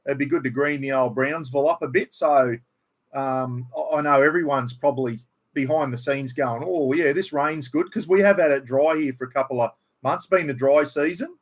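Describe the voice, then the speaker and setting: A man's voice: on the high side, fairly bright tone. A man with an Australian accent chatting casually to viewers on a home livestream, swearing freely and reading out names. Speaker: livestream host. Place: at home indoors. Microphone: computer livestream.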